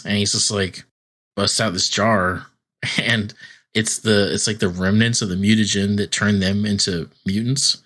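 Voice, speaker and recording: A man's voice: lowish voice, steady tone, moderate pace, a bit bright. A man co-hosting a podcast, casually recapping a cartoon episode in a rambling way full of "like" fillers. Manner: rambling storytelling, many "like" fillers, acting out quotes. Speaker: podcast co-host.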